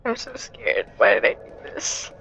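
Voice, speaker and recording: A woman's voice: moderate pace, fairly bright tone, lo-fi sound. A woman giving nervous, jumpy commentary on a horror game, often dropping to a whisper. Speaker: gaming commentator.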